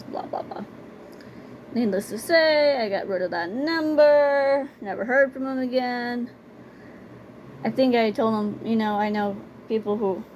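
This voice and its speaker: A woman's voice: mid-range voice, darkish tone, slight background noise, rough recording. A young woman telling personal stories in a casual vlog, blunt and conversational, repeating words for emphasis. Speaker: storytime vlogger. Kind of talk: casual storytelling.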